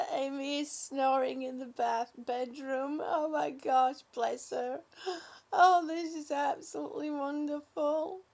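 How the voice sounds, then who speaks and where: A woman hosts a relaxed livestream and reads viewers' comments aloud. Her voice sits high and her pace is unhurried. She talks affectionately and calls people honey and sweetie. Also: gravelly. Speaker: livestream host. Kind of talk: casual livestream chat reading viewer comments.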